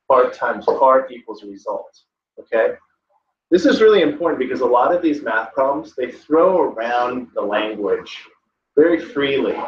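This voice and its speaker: A man's voice: medium pitch, a little hiss or hum. A male tutor giving a casual classroom lecture, conversational and often checking in with the class. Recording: echoey classroom, distant muffled mic.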